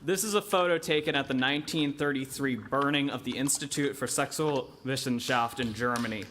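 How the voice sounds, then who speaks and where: A man's voice: medium pitch, brisk, fairly bright tone, slight background noise. A young man, a medical student, giving an earnest, impassioned public comment in a city council chamber. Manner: earnest, impassioned, voice rising with emotion.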